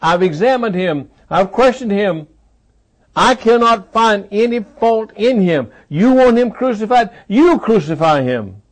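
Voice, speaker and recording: A preacher voicing an exasperated Roman governor. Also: male voice, sits high, expressive, a little slow, voice pushed up. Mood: insistent. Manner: emphatic, repeating himself.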